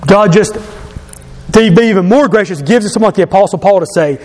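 A pastor preaching a sermon to his congregation, emphatic and rising to shouts at his key points. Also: high voice, fairly quick. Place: church sanctuary. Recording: long reverb of a church hall.

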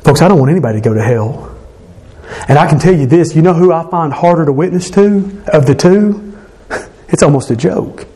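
A male pastor with a somewhat high, expressive voice and a warm tone preaches at a normal speed. His sermon is earnest and emphatic yet conversational, and he often restarts and corrects himself along the way.

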